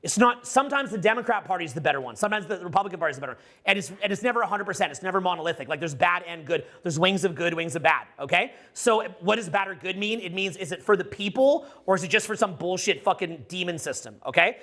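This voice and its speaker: A middle-aged man giving a casual, profane, rambling talk to a live audience as a social skills coach, loud and excitable. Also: sits high, fast talker, hardly any pauses.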